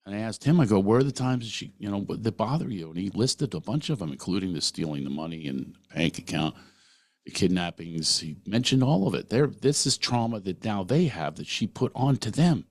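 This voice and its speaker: Middle-aged guy doing a heartfelt podcast monologue, really low voice, dry close sound. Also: lively intonation, brisk, dry recording. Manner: earnest, asks the listener questions directly. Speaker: podcast host. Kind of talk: personal monologue.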